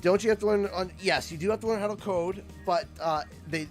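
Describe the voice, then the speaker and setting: A Canadian man rambles casually while playing a video game on a live stream, sometimes erupting into sudden loud shouts. His voice is high and brisk, with faint music in the background.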